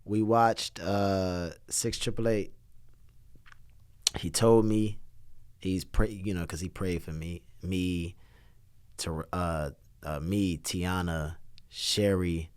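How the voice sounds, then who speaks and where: A man from Detroit, a guest actor in a casual interview, telling a story with slang and acting out the quotes, his voice jumping up when he gets excited. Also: slow, long pauses, smooth. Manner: animated, acts out quotes and slang, voice jumps high when excited.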